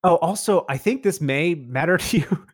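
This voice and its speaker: A man's voice: a little high, expressive, normal speed, no room sound, studio quality. A man in casual chat, recommending a show with rambling enthusiasm, full of restarts and fillers.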